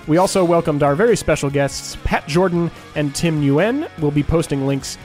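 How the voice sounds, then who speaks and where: A man's voice: fairly high pitch, normal speed, darkish tone, soft background music. A man co-hosting a comedy podcast, with mock-grand, theatrical phrasing. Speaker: podcast co-host.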